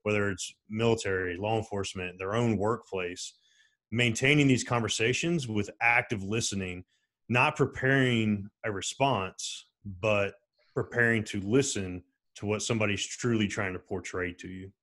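A man with a low, steady voice talks earnestly on a video-call panel. He speaks in a measured, thoughtful way, choosing his words with care. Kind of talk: panel discussion.

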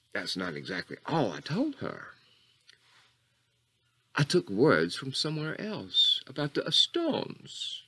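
A man playing Coach Catfish, an eccentric rambling character who drifts off on tangents and jumps between squeaky highs and low mutters. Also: pushed and bright, heavily acted. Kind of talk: comedic character monologue.

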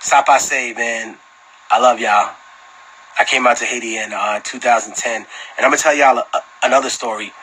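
A man talks straight into his phone on a livestream and answers fans in loose, casual chat. His voice is bright and sharp-edged but husky underneath. He tells profane, animated stories and breaks into laughter often. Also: mid-range voice, moderate pace, poor audio. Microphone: phone camera.

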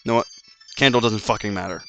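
A man's voice: on the low side, quick pace, a bit bright. A man doing gameplay commentary, ranting in frustration and swearing often. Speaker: let's play commentator. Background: faint game music.

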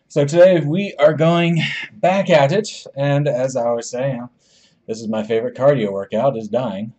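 A man hosting a gaming channel, giving jokey, rambling commentary and letting out excitable yelps as he plays. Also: mid-range voice, dull audio. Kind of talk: gameplay commentary.

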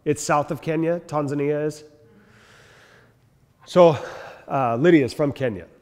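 A man's voice: on the high side, unhurried, a little mellow. Man lecturing in an echoey hall. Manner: storytelling, mimics people in quotes. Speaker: teacher. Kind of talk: animated classroom lecture with acted anecdotes. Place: classroom. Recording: long hall reverb.

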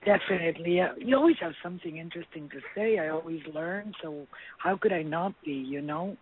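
A woman's voice: fairly low pitch, brisk. A woman calling into a talk show, friendly and a little hesitant. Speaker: caller. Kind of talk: casual phone call. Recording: phone-line sound.

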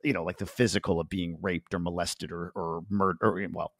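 A man's voice: low-pitched, flat delivery, brisk, fairly bright tone, dry recording, clean studio sound. A man hosting a podcast interview, thinking aloud with restarts as he asks questions. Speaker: podcast host.

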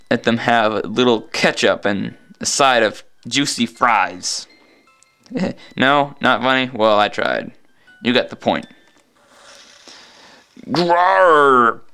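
A man's voice: medium pitch, vocal fry, a bit bright, smooth. A man giving casual gameplay commentary with joking, sarcastic asides. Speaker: let's play commentator.

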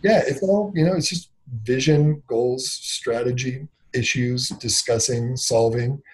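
A man's voice: medium pitch, a crowd in the background. A man in his thirties, a company CEO, talking candidly in an interview, reflective and full of fillers, acting out bits of dialogue as he goes. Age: 30s. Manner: reflective, filler-heavy, acts out dialogue in quick bursts.

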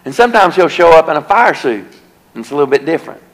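In a church sanctuary, a male evangelist preaches a revival sermon, spinning a folksy story that grows into an earnest warning. His voice is fairly high and sing-song, and he speaks fast. The recording is rough.

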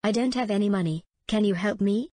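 A woman's voice: mid-range voice, fairly quick, mellow, no room sound, natural voice. A woman voicing a young waitress, earnest, in a plain amateur delivery with a dry sound.

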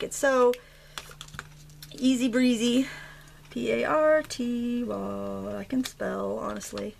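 A woman's voice: on the high side, creaky. A woman from Maine with a light Maine accent, chatting and joking her way through a casual craft demonstration at home. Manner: chatty, jokey, thinks aloud while working. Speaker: craft tutorial host.

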